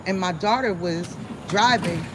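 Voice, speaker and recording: A woman hosting a live stream, telling a story to her chat in a blunt, profane, animated way. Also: on the low side, unhurried. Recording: steady background noise with passing vehicles.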